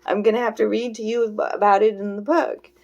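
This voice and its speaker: A woman giving a spiritual oracle card reading. She talks in an earnest, rambling way, often checking in with "you know" and "okay?", and slows down on her affirmations. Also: mid-range voice, little pitch movement, a little mellow, dull audio.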